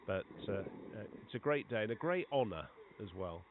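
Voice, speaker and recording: Man, cricket commentary, low voice, tinny phone-like sound, noisy outdoor ground. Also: normal speed. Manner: conversational, chatty between balls, rising excitement on big shots. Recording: tinny phone-like line with clear background noise.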